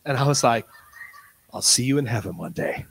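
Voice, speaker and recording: A man preaching a sermon, telling a story in acted-out dialogue and swinging from quiet asides to loud, excited bursts. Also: mid-range voice, normal speed, gravelly, slightly rough, poor audio. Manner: tells stories in quoted dialogue.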